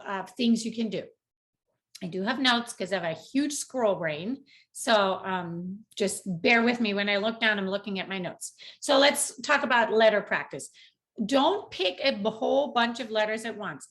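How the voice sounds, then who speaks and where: A woman's voice: on the high side, a bit bright. A woman who speaks English as a second language, a mother and teacher giving parents casual, earnest reading tips in a vlog. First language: not English. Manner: earnest, encouraging, talks straight to parents; acts out quoted parents and teachers in a lifted voice.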